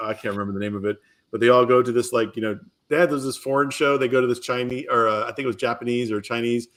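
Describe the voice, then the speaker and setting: A middle-aged man hosts a casual podcast chat. He talks in a loose, rambling way, restarting sentences and getting animated when he tells a story. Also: medium pitch, fast. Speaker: podcast host.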